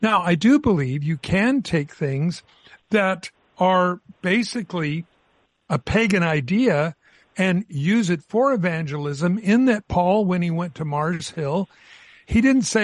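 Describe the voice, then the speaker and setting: A man's voice: high-pitched, animated, slow pace, no room sound. A man hosting a Christian radio call-in show, greeting callers in a folksy way and calling them dear.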